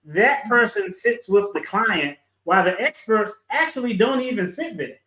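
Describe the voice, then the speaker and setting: A man with a fairly high voice tells stories in a relaxed, laughing way. He sounds like a lawyer chatting on a video call. His room carries a noticeable echo. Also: moderate pace. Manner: laid-back, chuckling storyteller. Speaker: guest lawyer. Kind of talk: casual video call chat.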